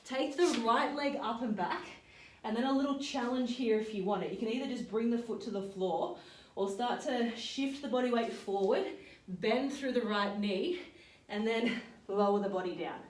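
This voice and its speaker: A woman leading a yoga and strength workout, calmly cueing each move and breath. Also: a little high, moderate pace, recorded from a distance. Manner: calm step-by-step cueing with breath counts. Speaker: fitness and yoga instructor. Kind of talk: guided workout instruction. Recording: roomy sound, voice off-mic.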